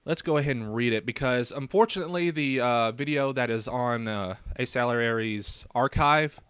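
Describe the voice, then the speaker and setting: A man's voice: mid-range voice, normal speed, fairly bright tone, clear, resonant tone, no echo. A young man with a faint rural Southern American accent, talking in a rambling response video with lots of fillers and restarts. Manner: hesitant, many fillers and restarts. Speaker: YouTube vlogger.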